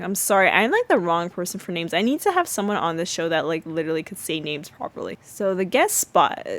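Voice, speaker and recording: A woman hosting a podcast, recapping a sitcom episode in a chatty way with many fillers and restarts. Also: on the low side. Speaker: podcast host.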